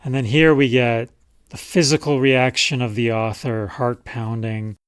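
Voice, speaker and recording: A man working as a writing coach talks casually about memoir writing, reading aloud passages from a client's work in this conversational teaching talk. His mid-range voice is fairly even in intonation and a little slow, with a clean tone and echo-free studio sound.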